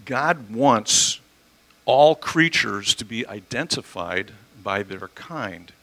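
Guy preaching a sermon, bright edgy voice, chatty, uses everyday examples. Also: mid-range voice, lively intonation, slow pace, low-quality recording. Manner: conversational teaching with homely examples and self-corrections.

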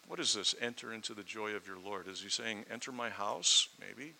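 A man's voice: lowish voice, normal speed, gravelly, few pauses, sharp tone, low-quality recording. A man preaching a sermon verse by verse, asking the listeners rhetorical questions and growing more fervent as he goes. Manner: expository preaching, rhetorical questions, rising in fervor.

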